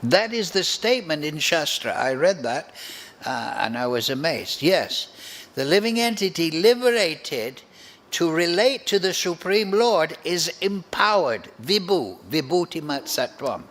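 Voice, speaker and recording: A man giving a devotional scripture class, speaking in a slow, deliberate and reflective way. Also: fairly high pitch, very animated, fairly bright tone. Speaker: spiritual teacher.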